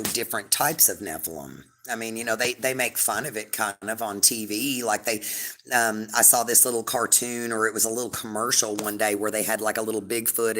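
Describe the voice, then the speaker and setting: Woman chatting on her live stream, rambly, bright forceful voice, lots of you know and like. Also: very deep voice. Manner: rambling, chatty, heavy on fillers; affectionate toward viewers. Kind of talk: casual live stream chat.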